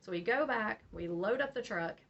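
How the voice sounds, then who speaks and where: Woman, lively storyteller, laughs a lot, slightly muffled audio. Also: medium pitch, normal speed, gravelly. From West Virginia. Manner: animated, laughs often, acts out quotes. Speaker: beading channel host. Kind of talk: casual storytelling. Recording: slightly dull audio, faint noise.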